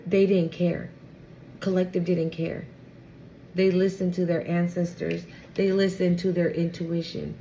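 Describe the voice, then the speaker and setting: A woman's voice: fairly low pitch, level tone, measured pace, dark tone, a little hiss or hum. A young woman giving a casual tarot reading to her viewers, slangy and exclamatory, often close to tears. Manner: emotional, exclamatory, slangy, swings to near tears. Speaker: tarot reader.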